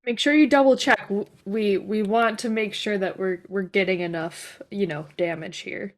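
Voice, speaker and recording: A woman playing a tabletop game, animated and emphatic. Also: mid-range voice, normal speed. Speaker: player.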